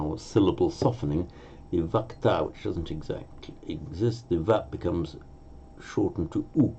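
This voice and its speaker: A very low-pitched man with a gravelly voice, teaching a language step by step and correcting himself as he thinks aloud. His tone is dark and mellow. The recording sounds a bit dull and lo-fi, with a faint hiss underneath. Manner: thinking aloud, self-correcting, with many fillers. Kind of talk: language lesson.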